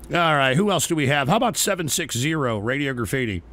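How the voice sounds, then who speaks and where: Brief: brash male call-in host, swinging pitch, lots of cursing, a few drinks in. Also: lively intonation, fast talker, few pauses, a bit bright. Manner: rowdy, swearing, mock-rants at trolls. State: drinking shots on air. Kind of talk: profane call-in show banter.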